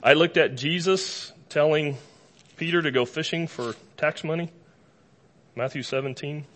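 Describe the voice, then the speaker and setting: Conversational, lively male preacher. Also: a little high, measured pace. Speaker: pastor. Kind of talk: sermon. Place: before a live congregation.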